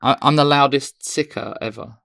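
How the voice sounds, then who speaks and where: A man's voice: mid-range voice, normal speed, creaky, fairly bright tone, dry recording, clean studio sound. A man co-hosting a casual comedy podcast, telling anecdotes with bursts of laughter. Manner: chatty storyteller, bursts of laughter. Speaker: podcast co-host.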